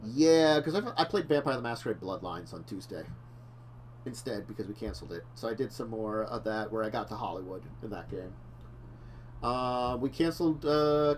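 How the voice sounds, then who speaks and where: Man chatting casually, rambling, self-correcting, laughs a lot, faint hum behind. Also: fairly low pitch. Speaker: talk show co-host. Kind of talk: casual chat.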